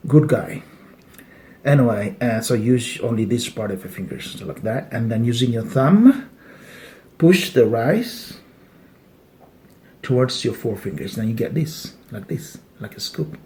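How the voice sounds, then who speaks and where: A man's voice: medium pitch, lively intonation, unhurried, pauses often, dark tone, slight background noise. A man, patiently walking through a casual eating demonstration at a dining table with small jokes along the way. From Malaysia. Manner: joking, patient step-by-step instructions. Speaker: cultural etiquette instructor.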